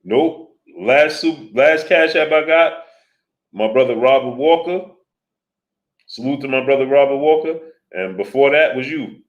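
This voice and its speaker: A man's voice: mid-range voice, a little slow. A man hosting a casual livestream, reading out viewers' comments in a slangy manner and calling them "brother". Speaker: livestream host. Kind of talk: casual live-stream chat.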